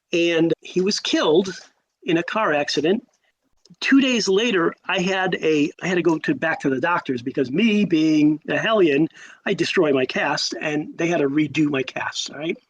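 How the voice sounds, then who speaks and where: A man in his sixties from Connecticut, telling stories as a podcast guest in a lively way, acting out quotes and often restarting his sentences. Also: high-pitched, poor audio. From Connecticut, USA. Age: 60s. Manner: animated, acts out quotes, frequent restarts. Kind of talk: casual storytelling.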